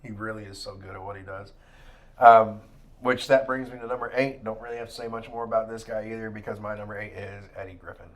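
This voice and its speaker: A man's voice: on the low side, fairly even intonation, quick pace. A man co-hosting a comedy podcast, talking in crude, rambling banter and laughing often. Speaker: podcast co-host.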